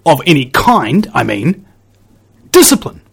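A man's voice: mid-range voice, moderate pace. A man hosting a casual chat, blunt and sarcastic in tone.

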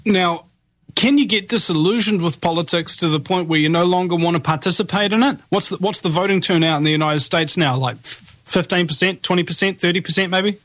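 A man's voice: high voice, a little fast, fairly bright tone, no echo. A man co-hosting a casual political chat, ranting and swearing. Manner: fired-up, swearing rant. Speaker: podcast co-host.

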